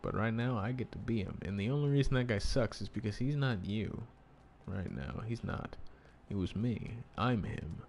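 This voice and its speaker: Over game music, a man with a lowish, slightly mellow voice streams gameplay and comments casually at a normal speed. He rambles, swears a lot, and is clearly amused by his own jokes; there's slight background noise.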